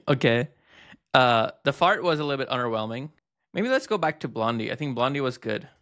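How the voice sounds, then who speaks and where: Bright-voiced man casually reviewing software. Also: mid-range voice, animated. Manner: chatty, thinking aloud with fillers and quick asides. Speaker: host reviewing text-to-speech tools.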